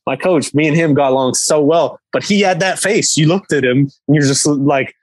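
A man's voice: on the high side, moderate pace, no echo, low-quality recording. A man from England, a professional hockey player guesting on a podcast, telling a story in a rambling way full of fillers. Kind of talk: casual storytelling.

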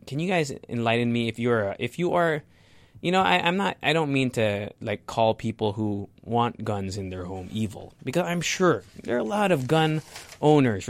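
A young male vlogger rants to the camera about his opinions, heated and profane, and he often stumbles and repeats words. His voice sits on the high side, with no echo.

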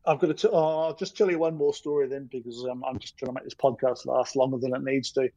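A man's voice: mid-range voice, fairly even intonation, quick pace, dark tone, no room sound, highs cut off. Podcast guest, man, self-deprecating raconteur, dry mic. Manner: rambling, self-deprecating storyteller. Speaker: podcast guest, storyboard artist. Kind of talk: casual anecdote telling.

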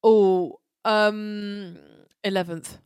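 Excitable woman, dry close sound. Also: medium pitch, drawn-out words, clean tone, dry recording. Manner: excitable, expressive, swears freely. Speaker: podcast host. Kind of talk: casual podcast chat.

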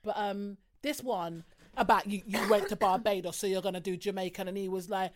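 A woman's voice: mid-range voice, steady tone, a little fast. A woman co-hosting a podcast, telling stories in casual chat, swearing and mimicking voices. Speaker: podcast co-host.

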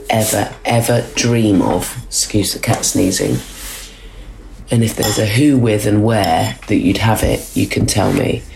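A woman's voice: a bass voice, gravelly, noisy background. A woman hosting a podcast, chatting playfully at home and laughing easily. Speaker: podcast host. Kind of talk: casual chat.

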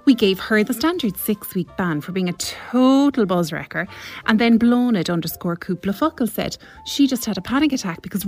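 A woman's voice: a little high, darkish tone. A woman with a Cork accent voicing a spoiled, property-obsessed young woman who gossips breathlessly.

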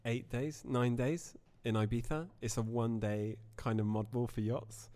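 A man's voice: medium pitch, fairly even intonation, moderate pace, dark tone. A man explaining his event in a laid-back, offhand way on a podcast. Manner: laid-back, short replies. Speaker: event organiser, co-host. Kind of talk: casual live podcast chat.

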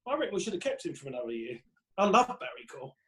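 A man, a guest comedian telling animated stories in casual chat and acting out quotes with laughs. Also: high voice, racing.

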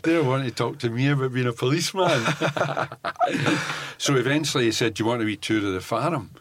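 An older Scottish man, a former undercover police officer, telling animated stories in an interview and laughing often as he acts out what people said. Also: mid-range voice, brisk, noisy background. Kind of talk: anecdotal storytelling in an interview.

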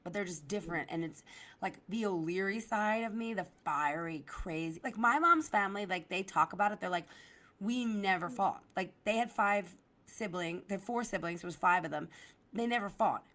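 A woman from the Philadelphia area, a comedian guesting on a podcast, telling stories in an animated way, swearing freely and filling her talk with "like" and "literally". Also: medium pitch, a little fast. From Delaware County, Philadelphia area. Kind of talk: casual podcast chat.

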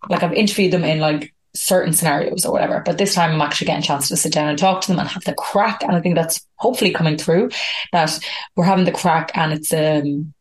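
A woman's voice: low voice, fast talker. An Irish woman hosting a podcast, chatting casually and rambling with frequent laughs. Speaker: podcast host. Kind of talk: casual podcast intro monologue.

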